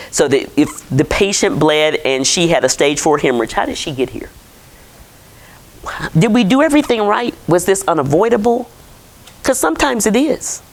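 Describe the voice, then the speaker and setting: A female physician delivers a conversational conference lecture to clinicians, posing questions to the audience. Her voice is fairly low in pitch, and the audio quality is poor.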